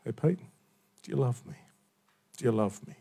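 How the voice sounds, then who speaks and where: A man voicing an easygoing gentle man. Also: medium pitch, fairly quick, pitched below the performer's own voice, close to an everyday voice. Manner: casual, gently teasing, then soft and tender.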